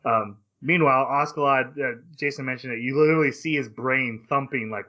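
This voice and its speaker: Man, podcast host, casual anime chat, animated retelling, dull lo-fi sound. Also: mid-range voice. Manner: animated retelling with quick voice switches.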